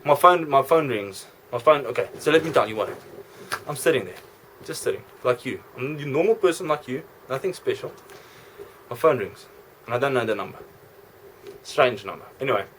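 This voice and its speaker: A man's voice: medium pitch, animated, normal speed, pauses often, a bit bright, a little hiss or hum. A man vlogging in a rambling, jokey, self-correcting way. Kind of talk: rambling casual monologue.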